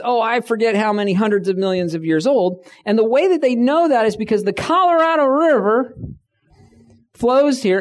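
A middle-aged man giving a conversational talk to a room, telling stories and acting out the people he quotes. He says he is tired. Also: sits high. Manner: conversational storytelling, acts out quoted voices. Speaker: speaker.

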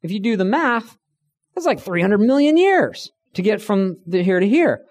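A man's voice: sits high, very animated, normal speed. A middle-aged man giving a conversational talk to a room, telling stories and acting out the people he quotes. He says he is tired. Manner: conversational storytelling, acts out quoted voices. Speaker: speaker.

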